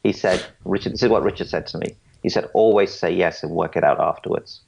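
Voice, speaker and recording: A man in his forties talks through his story in a low, gravelly voice. He is earnest and often stumbles and restarts his sentences. The audio sounds muffled and lo-fi. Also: fast talker, a little mellow. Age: 40s. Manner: earnest, stammers and restarts, quotes others. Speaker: podcast guest. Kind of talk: storytelling interview answers.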